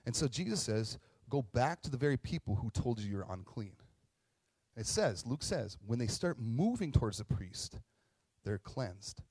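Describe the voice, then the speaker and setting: Animated man preaching with lively pitch. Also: moderate pace, husky, no echo. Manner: animated, acts out quotes in high comic voices. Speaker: pastor. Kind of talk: sermon.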